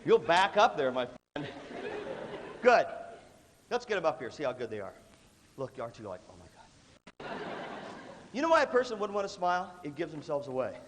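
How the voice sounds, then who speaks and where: A man giving a joking, animated leadership workshop to a student audience in a large hall. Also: fairly high pitch, some chatter behind. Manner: animated, joking, acts out quick voices and sudden shouts. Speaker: leadership speaker. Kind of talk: motivational workshop talk. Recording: echoey hall, faint room noise.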